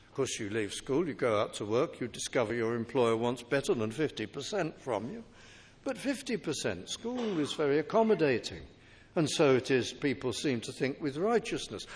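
A man preaching an earnest, rhetorical sermon, pressing his points with emphasis. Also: mid-range voice. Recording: reverberant hall.

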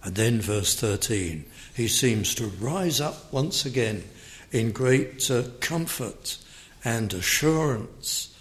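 Slow, measured male Bible teacher. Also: medium pitch, lively intonation. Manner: measured, explanatory, reads scripture aloud with emphasis. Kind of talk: verse-by-verse Bible exposition.

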